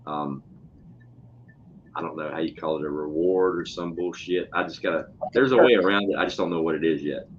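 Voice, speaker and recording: Deep-voiced man, blunt profane storyteller, casual podcast chat, dull lo-fi sound with faint hiss. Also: brisk. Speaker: podcast co-host, schoolteacher. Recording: dull lo-fi audio with faint noise.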